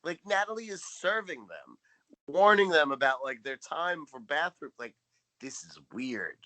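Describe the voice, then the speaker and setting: A man's voice: a little high, animated, unhurried, pushed and bright, dry recording, poor audio. A man co-hosting a casual TV recap podcast, summarizing plot with dry, sarcastic asides. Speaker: podcast co-host.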